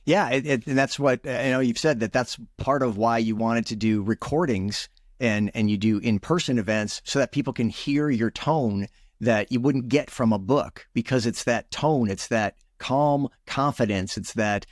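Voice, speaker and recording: A man's voice: medium pitch, moderate pace, no echo, clean studio sound. A man hosting a podcast interview, restarting his sentences as he agrees and builds on the guest's points. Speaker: podcast host. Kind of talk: interview conversation.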